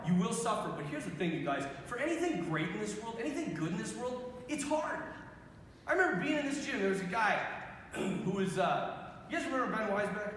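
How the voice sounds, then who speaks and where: A young male priest giving an animated youth talk, telling stories with quoted voices, in a large school gym. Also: high-pitched, heavy reverb, big-room sound, slight background noise.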